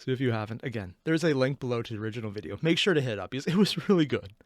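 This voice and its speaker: A man's voice: mid-range voice, animated, rapid-fire, dry recording, studio quality. A man hosting an anime reaction channel, giving casual, enthusiastic commentary and chatty analysis.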